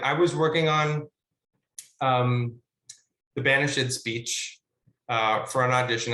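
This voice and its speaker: A man, a guest actor, chatting casually about his craft in an animated, rambling way with plenty of fillers and the odd swear word, over a video call. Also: mid-range voice, reverberant. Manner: animated, rambling storyteller with filler words and profanity. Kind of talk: casual conversational teaching.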